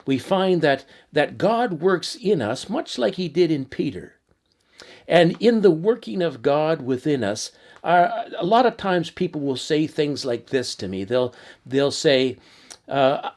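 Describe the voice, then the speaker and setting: A middle-aged man from Atlantic Canada preaching a sermon, slow and repetitive, with frequent restarts. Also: medium pitch, a little mellow. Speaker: pastor.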